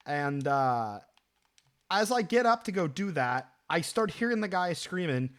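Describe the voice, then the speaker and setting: A man in his twenties casually telling a story, animated and profane, rambling with lots of fillers. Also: on the high side, moderate pace.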